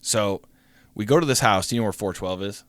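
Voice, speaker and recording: A young man co-hosting a podcast, telling a story in a casual, animated way, swearing often and acting out the voices of people in it. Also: on the low side, a little fast, no room sound. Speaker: podcast co-host.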